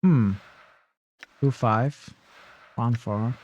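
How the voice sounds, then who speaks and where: A man's voice: medium pitch, extremely slow, a little mellow, lo-fi sound. A man streaming a role-playing game, thinking aloud and repeating himself as he checks items and maps. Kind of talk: casual gameplay commentary.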